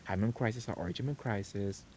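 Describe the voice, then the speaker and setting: A man's voice: lowish voice, a little fast, noisy background. Chatty male streamer greeting chat. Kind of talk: casual live gameplay commentary.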